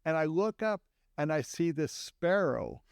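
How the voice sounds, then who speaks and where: A middle-aged man co-hosting a show, telling a story in a calm, low-key casual chat. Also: unhurried, creaky, smooth, no echo, clean studio sound. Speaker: co-host, therapist.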